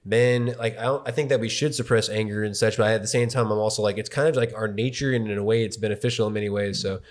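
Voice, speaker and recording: A man's voice: fairly low pitch, steady tone, quick pace. A young man in casual chat, rambling and hesitant with many fillers.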